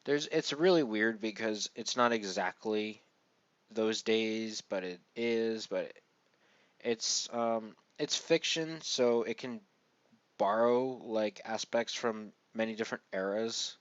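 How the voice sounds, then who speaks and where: A man's voice: lowish voice, takes it slowly, clear, resonant tone, dry recording, dull audio. A man casually reviewing a manga chapter, rambling with many fillers and the occasional sarcastic aside.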